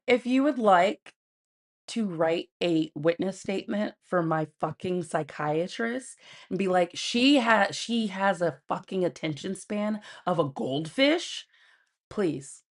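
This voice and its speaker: A woman's voice: fairly low pitch, expressive, slow. A woman hosting a casual livestream from home, blunt and profane, often laughing as she talks to her viewers and her pet. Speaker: livestream host.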